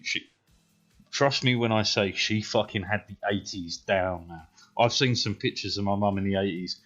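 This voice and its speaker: A British man in his thirties with a lowish voice tells rambling, swear-heavy stories to his stream and keeps checking in with "right?". The audio is a bit dull, with quiet music running behind him. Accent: British English. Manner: rambling, heavily profane, says "right?" a lot. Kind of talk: casual storytelling while gaming.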